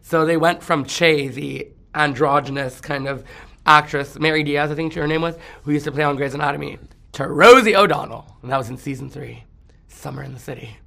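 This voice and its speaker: A man's voice: a little high, flat delivery, fairly quick, vocal fry, sharp tone. A man in casual celebrity gossip chat, campy and rambling, laughing often and breaking into song.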